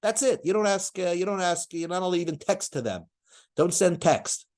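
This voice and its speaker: A man's voice: high voice, brisk, darkish tone. A man giving a Talmud lecture, reading each line of the passage and then explaining it in plain words, often stopping to restart. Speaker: Talmud teacher. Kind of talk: Talmud lecture, translating as he reads.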